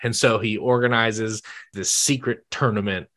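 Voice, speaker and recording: A young man chatting casually as a podcast guest, animated and laughing often with quick asides. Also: on the low side.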